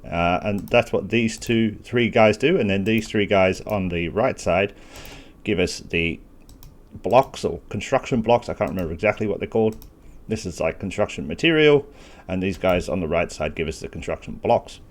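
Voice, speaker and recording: Low-voiced man talking through gameplay. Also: normal speed. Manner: casual, thinking aloud with self-deprecating asides. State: has the hiccups. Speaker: gaming channel host. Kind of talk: gameplay walkthrough commentary.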